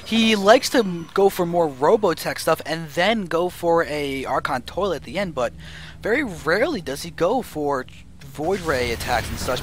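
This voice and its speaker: A man's voice: fairly high pitch, normal speed. Man, esports play-by-play, analytical, faint background hiss, headset mic. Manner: analytical, rising excitement at big plays. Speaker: esports caster. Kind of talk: play-by-play game commentary.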